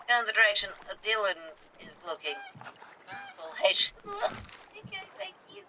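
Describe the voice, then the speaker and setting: A man's voice: high-pitched, wildly swooping pitch, normal speed, noisy background. A man streaming a video game, reading dialogue aloud and making chatty, playful asides.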